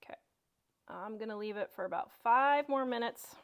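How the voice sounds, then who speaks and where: A woman's voice: fairly high pitch, moderate pace. A middle-aged woman hosting a casual home cooking demonstration, chatty and homey, gushing over the food in her kitchen. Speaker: cooking show host.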